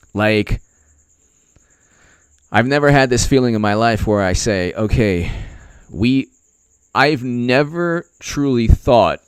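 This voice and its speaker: Rambling low-voiced male political commentator. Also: clear, resonant tone, no room sound. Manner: rambling, filler-heavy, mocking impressions. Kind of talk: casual political commentary livestream.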